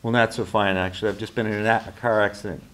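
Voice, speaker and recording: A man's voice: fairly low pitch, steady tone, rapid-fire, fairly bright tone, a little hiss or hum, natural voice. A man reading the lines of a shaken middle-aged woman who has just been in a car accident, in his own plain voice.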